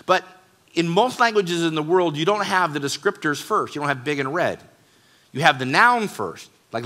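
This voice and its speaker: Male pastor, bright forceful tone, chatty sermon delivery with emphatic stresses. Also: mid-range voice, lively intonation, normal speed. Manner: conversational, rising to emphatic stresses. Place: church.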